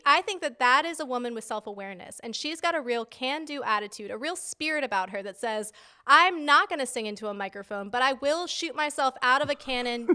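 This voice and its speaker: A woman co-hosting a podcast in casual chat, telling animated stories and acting out quotes. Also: on the high side, smooth. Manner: animated storyteller, acts out quotes. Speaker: podcast co-host. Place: home basement.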